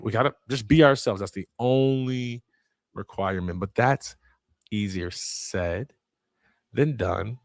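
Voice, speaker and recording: Creaky-voiced man hosting a lively livestream. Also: fairly low pitch, a little slow, dry recording. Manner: animated and chatty, thinking aloud. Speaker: speaker and coach hosting a livestream. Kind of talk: casual motivational livestream talk.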